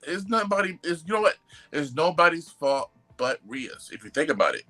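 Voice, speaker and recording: A young man co-hosting a podcast, talking in an animated, slangy way and repeating his phrases. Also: a little high, normal speed, low-quality recording. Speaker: podcast co-host. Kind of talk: casual chat.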